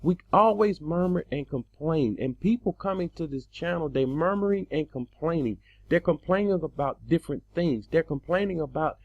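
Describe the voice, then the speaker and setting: Gravelly, impassioned male preacher. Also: on the high side, lively intonation, normal speed, few pauses, no echo, lo-fi sound. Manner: impassioned, rising to loud emphatic bursts. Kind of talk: scripture teaching sermon.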